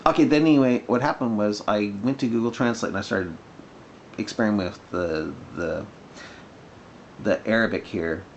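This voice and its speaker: A man's voice: lowish voice, moderate pace, slight background noise. Sarcastic, rambling man on a lo-fi vlog. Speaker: video blogger. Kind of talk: casual commentary vlog.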